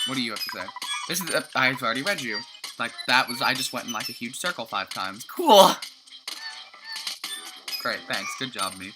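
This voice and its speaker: A woman's voice: low-pitched, rough recording. A young woman casually commentating a video game she plays, sleepy, chatty and self-mocking, often tripping over her words. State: tired, just woke up. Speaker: let's play commentator. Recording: game music playing under voice. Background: game music.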